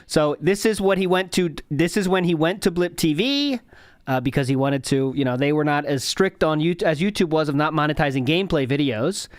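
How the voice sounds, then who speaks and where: A man's voice: on the high side, expressive, brisk, no echo, clean studio sound. A man hosting a podcast, rambling with many fillers as he comments casually on old video footage. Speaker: podcast host.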